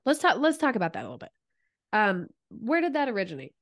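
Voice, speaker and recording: A woman's voice: medium pitch, sing-song, fast, fairly bright tone. A woman hosting a faith podcast, who muses earnestly and speaks in bursts of emphasis. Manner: earnest and musing, with frequent restarts and bursts of emphasis. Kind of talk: reflective faith conversation.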